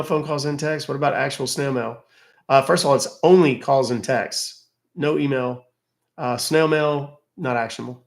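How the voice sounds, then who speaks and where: A man's voice: mid-range voice, vocal fry. A man around fifty, hosting a casual livestream and answering viewer questions in a wry, chatty way. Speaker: host answering live chat questions.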